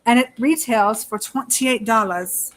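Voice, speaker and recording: A woman's voice: a little high, measured pace, a bit bright. A woman co-hosting a casual beauty review, chatty, laughing often and swearing freely. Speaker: beauty channel co-host. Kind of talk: casual chat product review.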